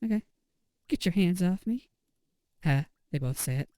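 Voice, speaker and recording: A woman's voice: on the low side, expressive, moderate pace, dark tone, no echo. A woman giving casual commentary over a video game, reading out game text with wry, amused asides. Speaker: let's play host. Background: faint game music.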